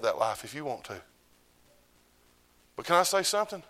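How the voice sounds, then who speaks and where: A middle-aged man, preaching a sermon as pastor. He swings from loud declarations to low, hushed lines. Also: big pitch swings, a little fast, pauses often.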